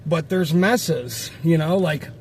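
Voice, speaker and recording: Man with a high voice, exasperated casual vlog rant, heavy swearing, vehicle noise behind. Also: slow, a little mellow. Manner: frustrated, swearing, rambling with restarts.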